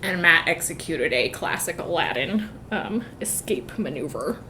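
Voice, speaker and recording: A woman co-hosting a podcast, recapping a book in casual chat, jumping into quick voiced lines for the characters, swearing and laughing as she goes. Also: low-pitched, lively intonation, bright, forceful tone, a little hiss or hum. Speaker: podcast co-host.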